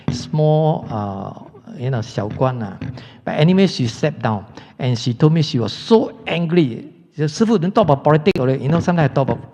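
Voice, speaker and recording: A man's voice: medium pitch, dark tone. A man with a Singaporean English accent teaching a Buddhist dharma class, chatty and throwing rhetorical questions at the class. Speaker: Buddhist monk lecturer. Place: lecture hall. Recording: dull lo-fi hall recording.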